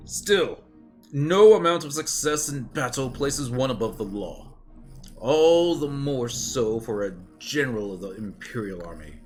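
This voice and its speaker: A man's voice: medium pitch, big pitch swings, normal speed, fairly bright tone, faint music behind. A man voicing a prissy, haughty male elven general who speaks in clipped, formal tones.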